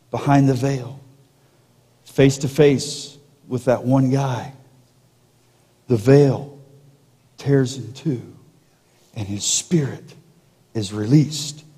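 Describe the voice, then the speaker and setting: A male pastor preaching a sermon, slowing down and dropping to a hush for emphasis, with jokey asides to the congregation. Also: medium pitch, husky. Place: church sanctuary. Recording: long reverb of a large hall.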